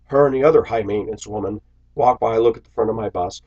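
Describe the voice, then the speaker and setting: Husky low-voiced man ranting. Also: quick pace, highs cut off. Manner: bitter, sarcastic, preachy. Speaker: vlogger. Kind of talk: ranting to camera.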